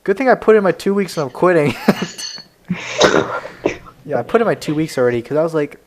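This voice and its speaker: A man's voice: on the high side, animated, brisk, background noise. A young man, a podcast co-host, telling a rambling story in casual chat and laughing often. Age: young adult.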